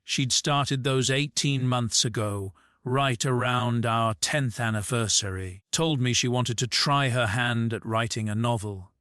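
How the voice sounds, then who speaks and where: A man reads a first-person audiobook in a measured, restrained voice at a mid pitch. He takes his time over each line. The recording is dry and close, with no room sound. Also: fairly bright tone, clear, resonant tone, dry recording. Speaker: narrator.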